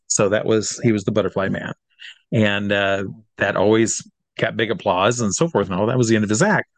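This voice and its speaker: A middle-aged man from Iowa, an entertainer telling a lively anecdote and acting out the people in it. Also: lowish voice, a little fast, no echo. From Iowa, USA. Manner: lively storyteller who acts out the people he quotes. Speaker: entertainer guest. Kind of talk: animated anecdote.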